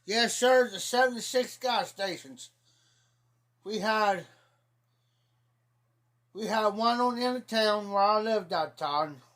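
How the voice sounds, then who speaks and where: A man's voice: high voice, slow pace, long pauses, fairly bright tone. A middle-aged man from Ohio telling rambling folksy stories on a casual livestream, repeating "I said" as he goes. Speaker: livestream host. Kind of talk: casual storytelling chat.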